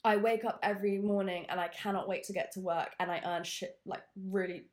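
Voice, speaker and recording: A woman's voice: mid-range voice, fairly even intonation, a little fast. A young woman in casual chat, candid and frank, with some swearing.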